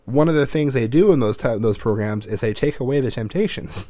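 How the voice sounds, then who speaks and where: A man's voice: medium pitch, lively intonation, brisk, warm tone, no room sound, studio quality. A man in his thirties hosting a podcast, talking bluntly and profanely in casual chat, rambling with restarts. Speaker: podcast host.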